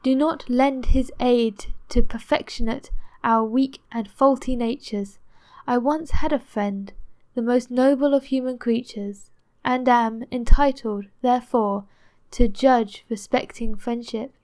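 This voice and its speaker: A broken, grief-stricken nobleman from a classic audiobook, read by a woman. The voice sits a touch high and pushes out with impassioned force, heavy with lasting despair. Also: fairly even intonation, a little slow, darkish tone, lightly acted. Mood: anguished. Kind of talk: audiobook narration.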